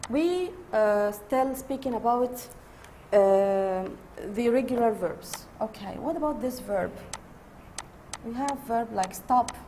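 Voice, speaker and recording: Slow-talking woman teacher. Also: a little high, darkish tone, slight background noise. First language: Arabic. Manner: slow, repeats key words, switches into Arabic to explain. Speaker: English teacher. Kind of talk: online grammar lesson.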